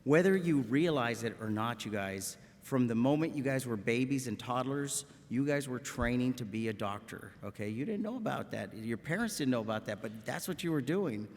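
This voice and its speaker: A man's voice: mid-range voice, animated, moderate pace, hardly any pauses. A man in his fifties from South Texas with a South Texas accent, giving a commencement address as a medical school professor in a folksy, joking way, often adding a questioning "okay?". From Rio Grande Valley, South Texas. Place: large auditorium at a graduation ceremony. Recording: echoey auditorium with long reverb.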